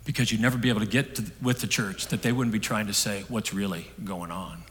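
A middle-aged man preaching a sermon, telling a story that swings from hushed and soft to loud. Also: on the low side, steady tone, fast, slight background noise. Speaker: pastor. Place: church hall. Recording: long hall reverb.

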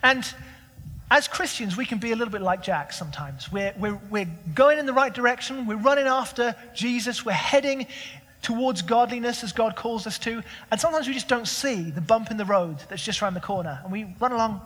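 A man's voice: very high voice, brisk, fairly bright tone, big-room sound. A young man preaching a sermon as pastor, conversational and full of rhetorical questions.

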